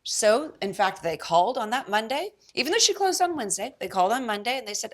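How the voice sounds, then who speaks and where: A woman real estate agent chatting as a podcast guest, telling a story with lively acted-out quotes. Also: on the high side, fast talker. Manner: animated storyteller, acts out quoted voices. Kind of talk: casual podcast chat.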